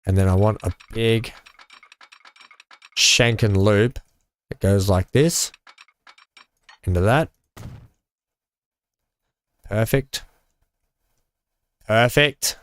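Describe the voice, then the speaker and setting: A man's voice: fairly low pitch, takes it slowly, long pauses. A man streaming a building game, chatting casually with viewers and reading chat with many fillers. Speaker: live-streaming gamer. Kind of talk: casual live-stream commentary while building.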